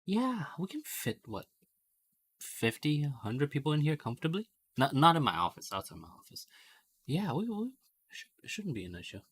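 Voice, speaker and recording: Creaky-voiced sleep-deprived male streamer. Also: a little high, big pitch swings, moderate pace. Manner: rambling, mock-professorial, laughs often. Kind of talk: casual live-stream game commentary.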